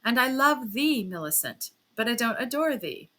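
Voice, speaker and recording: Brief: woman reader as a hearty, teasing gentleman husband, brash and bright-toned. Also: a little high, very animated, normal speed, exaggerated voice. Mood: boisterous. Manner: loud, teasing, boastful.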